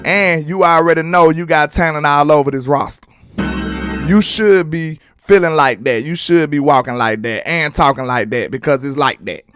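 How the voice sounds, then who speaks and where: A man's voice: on the high side, moderate pace, clean tone, faint music behind. Hype-preaching man. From Alabama, US. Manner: animated, preachy, repeats rhetorical questions. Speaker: sports commentary host. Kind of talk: fan hype commentary livestream.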